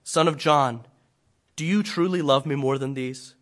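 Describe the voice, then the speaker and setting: A man preaching a sermon voices Jesus as a calm, tender teacher, speaking softly and slowly. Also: mid-range voice, lightly acted. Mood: gentle. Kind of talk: dramatic scripture reading in a sermon.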